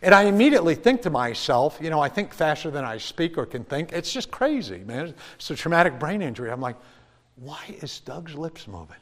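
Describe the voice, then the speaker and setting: Animated middle-aged preacher in a church. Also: male voice, on the high side, quick pace, hardly any pauses. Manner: animated storytelling, shouting and laughing at punchlines. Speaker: pastor. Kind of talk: sermon. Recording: long church reverb.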